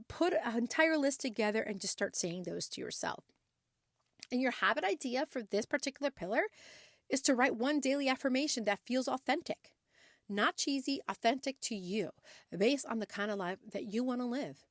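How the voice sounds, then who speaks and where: A woman's voice: fairly high pitch, no room sound, clean studio sound. A middle-aged woman hosting a podcast, talking casually and earnestly to encourage her listeners, often restarting her sentences. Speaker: podcast host. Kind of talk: casual motivational talk.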